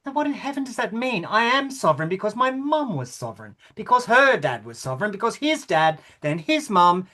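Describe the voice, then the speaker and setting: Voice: medium pitch, big pitch swings, brisk, few pauses, bright, forceful tone. A performer reading the part of a bewildered, indignant king in a play rehearsal, stammering now and then. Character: bewildered, pompous king of Australia. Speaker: actor in rehearsal.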